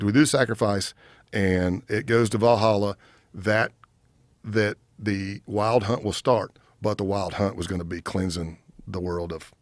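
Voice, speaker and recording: A man in his fifties, a retired undercover agent and podcast guest, telling a story in an animated way and acting out what the other people said. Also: fairly low pitch, no room sound.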